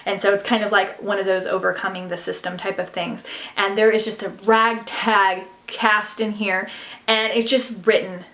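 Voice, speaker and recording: In a roomy, echoing space, a young female book vlogger talks casually about books she listened to, gushing and leaning on fillers. Her medium-pitched voice is fairly bright, yet her delivery is flat and moderately paced.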